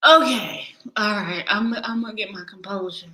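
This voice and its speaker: A woman's voice: mid-range voice, fairly even intonation, fairly quick, pushed and bright, poor audio. A woman hosting a casual live chat from Ghana, blunt and swearing, often breaking into laughter. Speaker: livestream host. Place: lives in Ghana.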